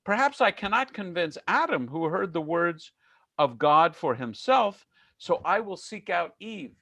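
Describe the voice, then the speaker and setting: A man's voice: high voice, big pitch swings, a little slow, a bit bright, dry recording, exaggerated voice. A man voicing a scheming male serpent in a storytelling lecture, speaking in a sly and persuasive way. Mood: coaxing.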